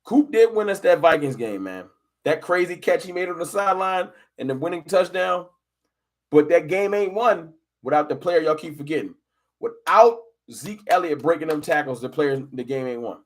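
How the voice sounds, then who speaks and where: A man hosting a casual fan live stream, talking football and arguing with chat viewers in an animated, combative way. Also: a little high, normal speed. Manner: animated, argumentative, addresses chat viewers directly.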